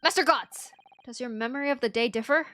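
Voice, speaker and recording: A woman's voice: sits high, fairly quick, pushed and bright. A woman voicing an earnest young male defense lawyer who asks polite, hesitant questions. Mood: questioning.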